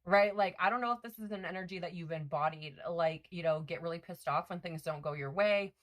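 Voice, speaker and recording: A woman's voice: fairly low pitch, fairly quick. A woman giving a casual spiritual card reading, rambling with lots of fillers and self-corrections. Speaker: tarot reader.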